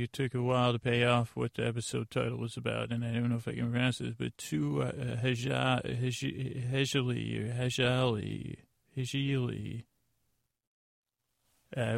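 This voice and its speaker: A man hosting a podcast, giving a rambling, deadpan comedic recap of an episode with lots of fillers and restarts. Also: mid-range voice, vocal fry, no room sound, studio quality. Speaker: podcast host.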